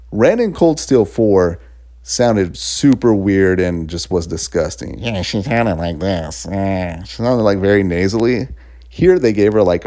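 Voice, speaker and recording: A man with a deep, low-pitched voice talks through a game review in a loose, chatty way. He rambles, circles back on his points and laughs between thoughts. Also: dark tone. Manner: rambling and chatty, laughs often, fillers and restarts. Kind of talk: casual spoken game review.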